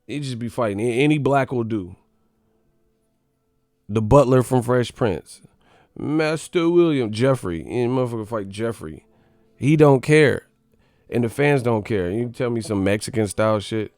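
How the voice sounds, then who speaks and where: A man's voice: mid-range voice, normal speed, a little mellow, no echo, clean studio sound. Profane, mocking man ranting. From United States. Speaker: boxing commentator. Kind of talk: casual rant.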